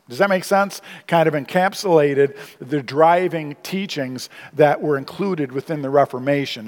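A man's voice: fairly high pitch, long reverb tail. A man preaching a sermon as pastor, conversational and emphatic, with asides to the congregation. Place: church sanctuary.

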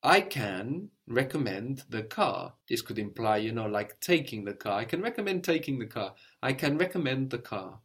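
A man's voice: mid-range voice, very animated, normal speed, hardly any pauses, fairly bright tone. Patient male language teacher. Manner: patient, explanatory, prompts the learner with questions. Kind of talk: spoken language lesson.

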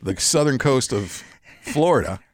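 A man co-hosting a fishing podcast, chatting casually and telling jokes with animated voices for the characters. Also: mid-range voice, a little slow, no room sound, studio quality. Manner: animated joke-teller acting out characters. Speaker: podcast co-host.

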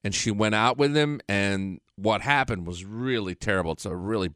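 This radio host has a lowish, slightly bright voice and talks at normal speed, delivering a loose, rambling monologue with plenty of swearing. His studio mic yields a dry, close sound.

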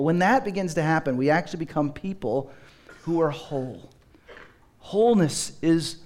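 A man's voice: high-pitched, a little mellow. A man preaching a sermon as pastor, telling stories with humor and acting out children's voices.

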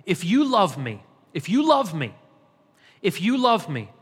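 Guy pastor preaching, high voice, keeps repeating for punch, long echo in the church. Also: huge pitch swings, unhurried, slightly rough. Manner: emphatic, repetitive preaching with rising intensity. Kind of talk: sermon. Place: church sanctuary. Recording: long hall reverb.

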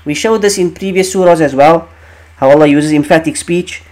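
A man's voice: fairly high pitch, a little fast, darkish tone. Emphatic male Quran teacher. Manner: emphatic, repeats key phrases, asks rhetorical questions. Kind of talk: explaining Quranic verses.

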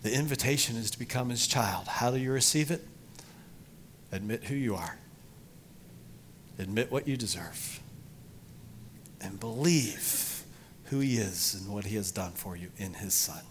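A middle-aged man preaching a sermon to his congregation, emphatic, rising loud for emphasis and then dropping low. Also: unhurried, pauses often, slight background noise. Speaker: pastor.

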